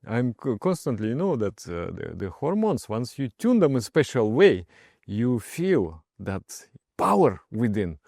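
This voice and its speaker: A man with a gravelly, creaky voice and a medium pitch tells stories from his own life as a meditation teacher. He speaks as an in an expressive, emphatic way, with frequent hesitations. The sound is dry and close, with no room echo. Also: a little slow. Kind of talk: personal storytelling talk.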